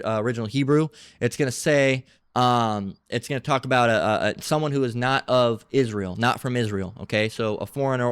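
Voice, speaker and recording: A man preaching from scripture, reading verses aloud and breaking into halting, combative and mocking commentary with profane asides. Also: mid-range voice, smooth, no echo, clean studio sound. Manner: halting, many restarts between readings.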